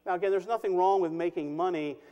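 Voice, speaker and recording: A man with a high-pitched voice preaches from the pulpit, stressing key words and pausing for effect. His voice rings out with a long echo through the church sanctuary. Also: fairly even intonation, muffled recording. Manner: emphatic, measured preaching with dramatic pauses. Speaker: pastor. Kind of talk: sermon. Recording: long reverb of a church hall.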